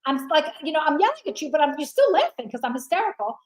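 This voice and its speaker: A high-pitched woman ranting, casual chat, swears, plays every part herself. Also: fast, poor audio. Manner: animated storyteller, acts out dialogue, swears. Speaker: guest.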